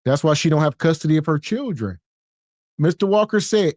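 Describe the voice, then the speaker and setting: A male podcast co-host drops wry, sarcastic asides as he reacts. His fairly high voice swings up and down a lot. The sound is dry and close. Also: lively intonation, brisk, a little mellow, no echo.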